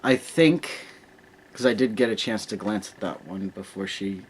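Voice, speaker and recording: A man's voice: lowish voice, normal speed, a little hiss or hum. A man in his thirties chatting casually at home, laid-back, swearing freely and telling rambling stories. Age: 30s. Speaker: co-host. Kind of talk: casual chat.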